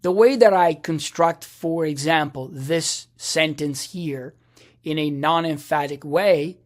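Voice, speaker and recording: Guy teaching a language lesson, slow unhurried delivery, keeps asking okay?, restarts his sentences a lot. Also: fairly high pitch. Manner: patient, checks in with "okay?" often; halting, restarts mid-phrase. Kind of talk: explaining a lesson.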